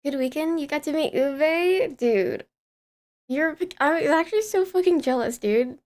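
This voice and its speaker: A woman's voice: sits high, lively intonation, measured pace, a little mellow. Chatty young woman streamer, laughing often. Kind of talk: casual live-stream chat.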